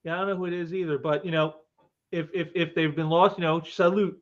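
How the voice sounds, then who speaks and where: A man with a notably high voice chatting casually on a livestream. He laughs easily and trips over his words, repeating them as he goes. His audio is dull and lo-fi, like a remote feed. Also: steady tone, quick pace.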